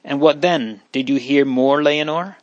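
A man voicing an impetuous, loyal teenage boy who speaks warmly. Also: fairly high pitch, a little slow, no echo, muffled recording, pitched above the performer's own voice, close to an everyday voice. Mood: grave. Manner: impetuous, warm.

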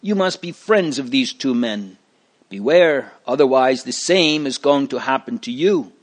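A man's voice: mid-range voice, lively intonation, unhurried. Hostile storybook crowd read by a man, menacing and accusing. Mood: threatening. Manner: threatening. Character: hostile, threatening fairgoers.

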